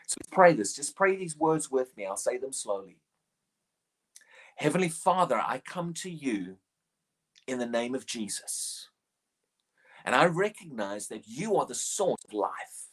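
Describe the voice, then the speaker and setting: A man preaching and praying aloud, earnest, often repeating words as he starts a line, slowing down to lead a prayer. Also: on the high side, slightly rough. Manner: slow, deliberate prayer-leading. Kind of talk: prayer and sermon.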